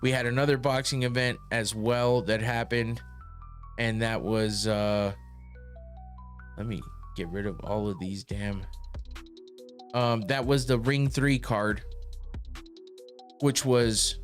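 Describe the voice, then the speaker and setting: Rambling, profane podcast host recapping fights. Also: male voice, mid-range voice, steady tone, takes it slowly, pauses often, soft background music. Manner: rambling, profane, with frequent restarts and laughs.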